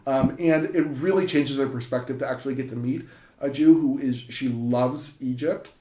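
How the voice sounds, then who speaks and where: A man's voice: mid-range voice, normal speed, dark tone. A man, a university professor, telling an interviewer a story with enthusiasm, full of fillers and restarts. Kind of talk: interview conversation. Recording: echoey room.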